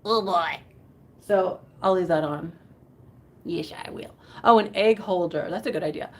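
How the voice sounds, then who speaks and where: A woman's voice: on the low side, unhurried. Chatty woman hosting a live sale. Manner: chatty, giggly, rambling. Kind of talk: casual live selling chat. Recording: faint background noise.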